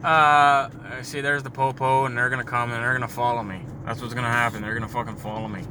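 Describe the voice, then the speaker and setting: A man hosting a casual car podcast, rambling and jokey with frequent swearing while he drives. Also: medium pitch. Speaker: podcast host. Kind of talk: casual storytelling while driving. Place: inside a moving car. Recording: car road noise behind.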